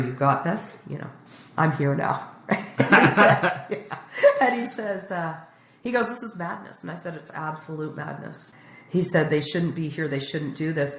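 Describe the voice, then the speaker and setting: A woman's voice: deep voice, roomy sound. A middle-aged woman comedian telling a candid story in a blunt, joking way. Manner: blunt, joking, animated retelling. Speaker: guest comedian.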